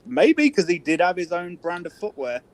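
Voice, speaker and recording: A man's voice: sits high, very animated, normal speed. A man with a British accent, telling stories and joking around on a casual podcast, swearing freely. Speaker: podcast co-host.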